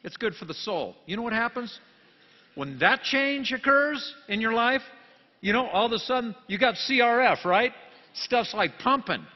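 A pastor giving a jokey sermon, dropping to quiet asides and then rising into loud, emphatic bursts. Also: male voice, very high voice, animated, moderate pace. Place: church sanctuary. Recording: long church reverb, dull lo-fi sound.

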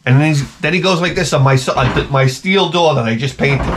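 A middle-aged man talks straight to his channel, ranting through stories with plenty of swearing. His voice sits at an ordinary pitch, and he wanders off track, restarts his sentences and keeps chuckling at himself. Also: moderate pace, long pauses, background noise. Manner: profane, ranting storyteller. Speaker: channel host. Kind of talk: rambling comedic monologue.

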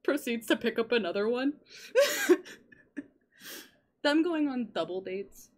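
A young adult woman streaming a game in casual chatter, excitable, rambling and swearing often. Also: fairly high pitch, measured pace.

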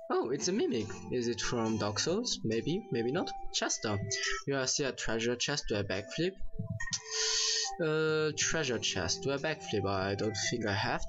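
A man's voice: mid-range voice, sing-song, a little slow. A man casually commentating a game he plays, reading its characters aloud in shifting voices with offhand jokes. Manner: jokey, offhand. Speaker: gaming YouTuber. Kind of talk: casual let's play commentary. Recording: dull lo-fi mic with faint game music.

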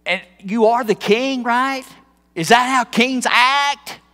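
A man's voice: very high-pitched, takes it slowly, bright, forceful tone, voice pushed up, heavily acted. A man voicing a condescending, sarcastic, scheming queen while preaching, in a reverberant church.

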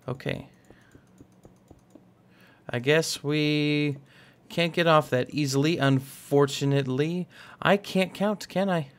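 A young man chats casually while he plays a building game. His voice sits a little high, and he rambles along, cracking jokes at his own mistakes. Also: takes it slowly, long pauses. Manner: rambling, self-mocking and jokey. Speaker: gaming channel host. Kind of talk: casual let's-play commentary.

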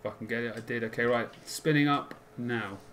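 A young man as a guest in a gaming video, casual and quick to exclaim at bad luck. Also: medium pitch, fairly bright tone, slight background noise. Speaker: guest co-host.

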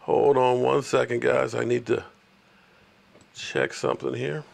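A man's voice: mid-range voice, flat delivery, measured pace, creaky. A man hosting a casual sports livestream, chatting with viewers and ranting at rival fans. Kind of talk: casual live-stream chat with viewers.

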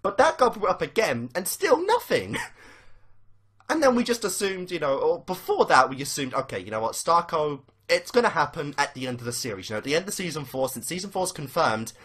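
Big pitch swings mark this fairly quick, slightly rough, somewhat bright mid-range voice of a young adult fan. They ramble casually through reactions to a cartoon episode, dropping plenty of swear words and "you know" fillers.

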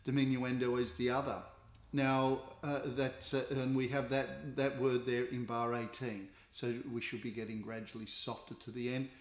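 Man, Australian accent, guitar teacher, patient explainer, filler words, roomy echo. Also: mid-range voice. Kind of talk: instructional explanation.

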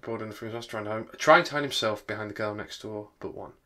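Bright-voiced man rambling through a revision reading. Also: fairly low pitch, fast talker. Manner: rambling, apologetic asides. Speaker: English literature teacher. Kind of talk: reading aloud with revision commentary.

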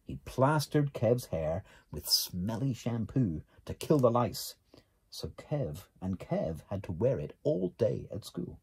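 A man reading a children's picture book aloud, animated, gasping and exclaiming at the pictures. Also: mid-range voice, a little slow, breathy edge. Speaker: reader.

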